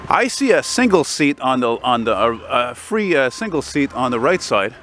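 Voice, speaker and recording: A man talks as he walks outdoors through a snowy city, holding his own camera. He rambles and swears his way through a story in an everyday mid-pitched voice. Faint street traffic hums behind him. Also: big pitch swings, moderate pace, fairly bright tone. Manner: profane, ranting, rambling storyteller. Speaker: vlogger. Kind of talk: casual walking vlog storytelling.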